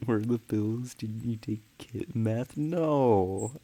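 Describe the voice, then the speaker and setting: This man's mid-range voice is very slow and mellow with a breathy edge. He plays a game on stream, rambling casually and giggling frequently while he chats with viewers.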